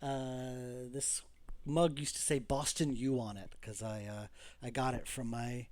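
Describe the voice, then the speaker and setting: A man's voice: medium pitch, fairly even intonation, a little slow, dry recording. Middle-aged new guy rambling on a stream, dry close sound, lots of ums. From New York. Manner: rambling, chatty with fillers and soft laughs. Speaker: game developer. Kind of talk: casual livestream chat.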